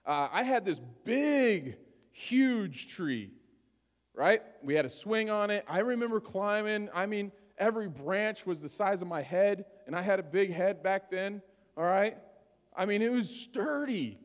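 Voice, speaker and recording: A man's voice: high-pitched, expressive, a little slow, long reverb tail. A male pastor telling a personal story during a sermon, conversational and often checking in with his listeners.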